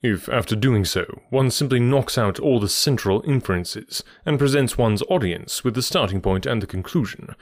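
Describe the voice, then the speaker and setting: A man voicing a sharp male detective who explains his reasoning in a measured, faintly superior tone. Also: mid-range voice, no room sound, studio quality, natural voice. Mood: lecturing. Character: sharp, lecturing male detective, cool and precise.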